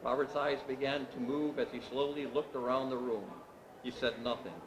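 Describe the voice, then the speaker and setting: A man reading his novel aloud at a literary event, with steady, measured narration. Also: mid-range voice, a crowd in the background. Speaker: author reading his work. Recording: echoey room with background noise.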